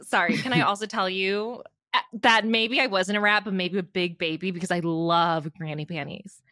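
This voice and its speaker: A woman's voice: lowish voice, moderate pace, sharp tone, no echo, clean studio sound. A young woman in her twenties co-hosting a podcast, chatting casually, giggling and rambling through her stories. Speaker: podcast co-host. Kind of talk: casual chat.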